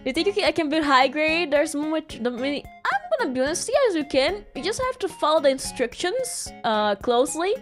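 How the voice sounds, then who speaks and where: Woman, streamer, high voice, giggly, rambling casual chat. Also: big pitch swings, brisk, a bit bright, soft background music. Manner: giggly, rambling storytelling with restarts.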